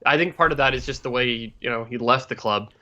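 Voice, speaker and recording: A man's voice: mid-range voice, quick pace, sharp tone, muffled recording. A man co-hosting a live podcast, hesitant and starting over often. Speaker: podcast co-host. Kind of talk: casual live podcast chat.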